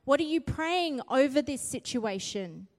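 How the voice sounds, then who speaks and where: High-voiced woman preaching in a hall. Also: lively intonation, unhurried, darkish tone. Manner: earnest, builds to fiery emphasis, frequent "right?" tags. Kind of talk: sermon. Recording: long hall reverb.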